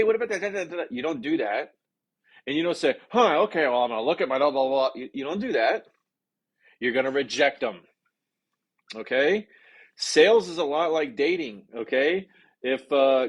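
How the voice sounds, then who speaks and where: A man teaching sales negotiation on a live stream in an energetic, casual way, often checking in with "okay?" and reading viewer comments aloud. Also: mid-range voice, slightly rough. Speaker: sales coach.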